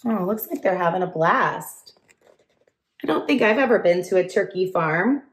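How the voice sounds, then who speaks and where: A woman's voice: on the low side, expressive, moderate pace. A woman teacher reading a picture book aloud to children, chatty and asking the listeners questions as she goes. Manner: chatty, asks listeners questions, laughs often.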